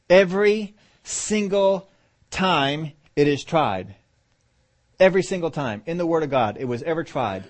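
A man delivering a sermon with a slightly higher voice than most men. He preaches with urgency, jumping from loud emphatic bursts down to quiet, low asides. He often circles back and repeats phrases for weight.

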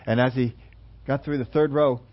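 A preacher telling an illustration story in a sermon, halting at times with fillers and restarts. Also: male voice, mid-range voice, fairly even intonation, lo-fi sound.

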